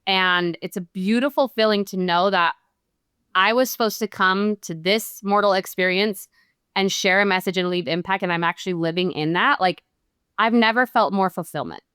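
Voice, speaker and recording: A woman's voice: mid-range voice, normal speed, fairly bright tone, clear, resonant tone, dry recording, studio quality. A middle-aged woman speaking as a podcast guest, reflective, earnest and heartfelt. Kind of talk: reflective interview talk.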